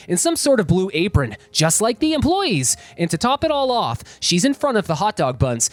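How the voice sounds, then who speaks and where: A man's voice: high voice, no room sound. A man reading online stories aloud as the show's host, adding his own comments between them. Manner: lively, expressive reading. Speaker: story reader and host. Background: faint background music.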